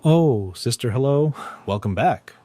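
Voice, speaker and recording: A man's voice: on the low side, animated, normal speed, no echo. A man voicing an earnest teenage boy in a storybook recap, pleading and eager to convince. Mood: cheerful. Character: earnest anxious teenage boy, younger brother.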